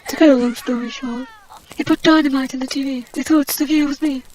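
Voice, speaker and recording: A woman's voice: high voice, fairly even intonation, fairly quick, darkish tone, a little hiss or hum, close to an everyday voice, rough recording. A woman voicing a haughty, out-of-work adventurer heroine, rambling snobbish gossip over gameplay commentary. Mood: indignant.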